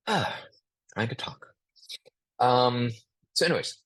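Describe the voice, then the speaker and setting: A husky-voiced, slightly bright-sounding writing instructor leads a live online class, reading example sentences aloud with feeling. He speaks unhurriedly with big pitch swings, and the audio is close and dry with no echo.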